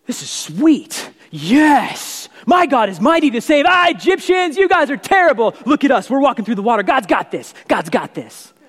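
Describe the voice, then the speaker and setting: A pastor acting out an exultant Israelite who shouts high and loud, taunting the enemy behind him with pure confidence. His bright cries ring out across a long, echoey hall. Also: sing-song, normal speed, hardly any pauses, husky, full character voice. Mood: triumphant. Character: exultant, faith-filled Israelite crossing the sea.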